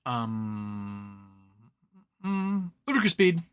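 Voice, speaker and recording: A man's voice: medium pitch, big pitch swings, drawn-out words, a bit bright, clean tone. A man hosting a casual live stream, ranting animatedly and mocking other people's voices as he quotes them.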